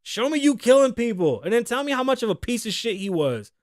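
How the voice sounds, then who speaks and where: A man's voice: extremely high pitch, sing-song, fairly quick, no echo, clean studio sound. A man in his thirties hosting a casual solo podcast, ranting and joking with a lot of profanity and frequent laughter. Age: 30s. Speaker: podcast host. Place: studio.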